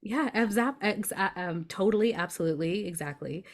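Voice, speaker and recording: A woman's voice: medium pitch, normal speed. A woman guest on a podcast, a grief coach explaining her method step by step in a reassuring way. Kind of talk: podcast conversation.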